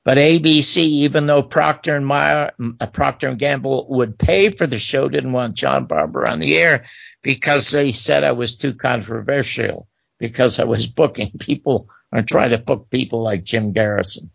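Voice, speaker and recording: An older man, a former talk show host, tells animated stories about his career in an interview and acts out the voices of the people he quotes. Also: mid-range voice, normal speed, creaky, no room sound, highs cut off. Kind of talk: storytelling interview.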